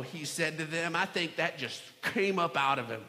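Animated, bright-voiced male preacher. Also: on the high side, normal speed, few pauses, long reverb tail. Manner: animated, acts out scripture scenes with shouting voices. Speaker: pastor. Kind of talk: sermon. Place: large church hall.

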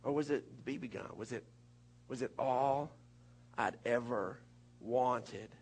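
A middle-aged male pastor preaching a sermon, telling a family story with animated storytelling and bursts of loud, high exclamations. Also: measured pace, slightly rough.

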